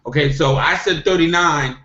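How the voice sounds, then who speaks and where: A middle-aged man speaks in a somewhat high voice, pressing his points and circling back to them with a repeated "okay?". The sound is dull and lo-fi from a video call, with an echoey room around him. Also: moderate pace, pushed and bright. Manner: emphatic, repetitive, punctuates with "okay?". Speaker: network marketing distributor. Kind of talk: motivational hangout talk.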